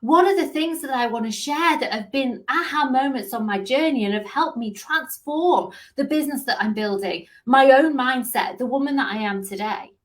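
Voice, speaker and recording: A woman's voice: sits high, moderate pace, few pauses. A woman business coach giving an earnest live motivational talk, stressing points with rhetorical questions.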